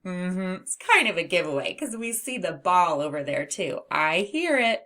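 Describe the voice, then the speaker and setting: A woman teacher giving a phonics lesson to young children in a slow, clear, sing-song voice. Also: on the low side, big pitch swings, sharp tone. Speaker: reading teacher.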